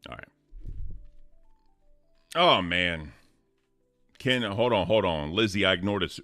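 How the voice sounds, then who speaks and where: A man co-hosting a casual live stream, reading out tips and messages in an animated, cussing way. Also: sits low, slow, no room sound, clean studio sound, faint music behind. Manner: animated, cusses, calls out names and tips. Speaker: co-host reading donations.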